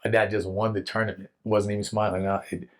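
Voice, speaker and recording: A young man telling a personal faith testimony in an earnest, animated way, with casual slang. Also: fairly low pitch, quick pace. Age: young adult. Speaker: guest telling his testimony.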